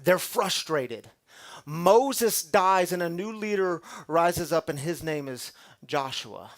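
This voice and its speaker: Male pastor, fairly high voice, chatty sermon style with sudden quiet moments. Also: lively intonation, takes it slowly. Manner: dramatic shifts from loud to hushed; conversational, calls the audience y'all.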